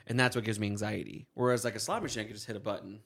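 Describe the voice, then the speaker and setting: A man's voice: on the low side, rapid-fire, vocal fry. A man in his twenties, a podcast co-host, telling a story in casual chat with lots of laughter and voices. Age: 20s. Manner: animated storyteller, mimics voices, laughs often.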